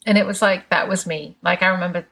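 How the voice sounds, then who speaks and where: A woman's voice: on the low side, fairly even intonation, quick pace, vocal fry, a bit bright, husky. A woman from England, talking candidly in a casual podcast chat, laughing often and swearing freely.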